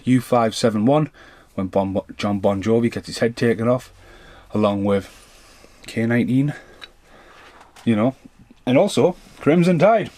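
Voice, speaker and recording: A man's voice: medium pitch, darkish tone. A man in his thirties or forties doing an unscripted film review rant, rambling, swearing freely and drifting off on tangents.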